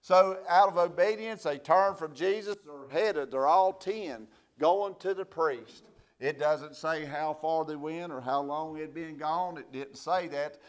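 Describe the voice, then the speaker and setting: Preacher guy, slow and deliberate, kinda high voice, gets loud on the big points. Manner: slow, swells from quiet reading to loud preaching. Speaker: pastor. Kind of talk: sermon.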